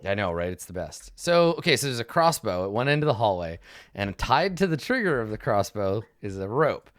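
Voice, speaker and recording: A man's voice: on the low side, very animated, brisk, dry recording, studio quality. A man narrating as dungeon master in a rambling way, full of ums and likes, on a stream call from home. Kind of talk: narrating a tabletop game.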